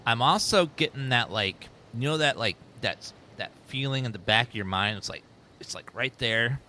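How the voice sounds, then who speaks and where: A man's voice: medium pitch, expressive, normal speed, slight background noise. A man casually commentating a game as a streamer, rambling and chatting with his viewers. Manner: rambling, chatty, talks to chat. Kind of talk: casual let's play commentary. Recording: game sound loud underneath.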